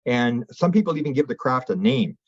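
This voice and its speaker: A man's voice: medium pitch, expressive, a little fast, a little mellow. A man, a guest on an interview show, telling long rambling stories and acting out the people he quotes in raised voices. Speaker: interview guest, UFO researcher. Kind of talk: anecdotal storytelling in an interview. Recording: dull lo-fi audio.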